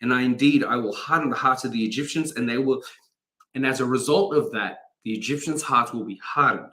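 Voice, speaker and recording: A man's voice: medium pitch, brisk, bright, forceful tone. A man, a chaplain, giving an informal daily devotional talk, reading scripture and breaking off with self-corrections and asides.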